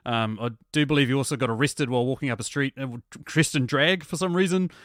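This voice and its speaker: A man from New Zealand with a New Zealand accent, a film reviewer chatting as a podcast guest in a relaxed, informative way. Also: medium pitch, fast, no room sound, studio quality. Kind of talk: casual podcast chat.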